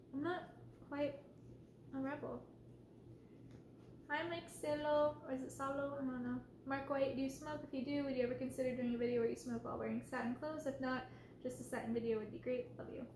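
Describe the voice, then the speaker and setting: Soft-spoken woman with a high voice, chatty ASMR host running a casual Q&A, recorded in an echoey room. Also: slight background noise. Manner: soft-spoken, reads out viewer names and questions, scolds her cat. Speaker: ASMR creator answering viewer questions. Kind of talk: casual livestream Q&A chat.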